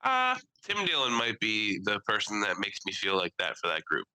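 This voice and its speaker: Animated, bright-voiced young man, dry close mic. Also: normal speed, clear, resonant tone, no echo, low-quality recording. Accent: Philadelphia-area American. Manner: animated, swearing, mimics people in high voices. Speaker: podcast co-host. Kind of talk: casual chat.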